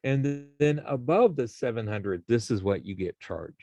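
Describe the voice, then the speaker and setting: A man's voice: mid-range voice, expressive, moderate pace, a little mellow. A man teaching a college algebra class, explaining each step and checking in with his students. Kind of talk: classroom math lecture.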